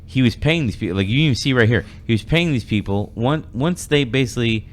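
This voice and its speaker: A man's voice: medium pitch, lively intonation, fast. A man hosting a podcast in casual discussion, rambling with many fillers and restarts. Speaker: podcast host.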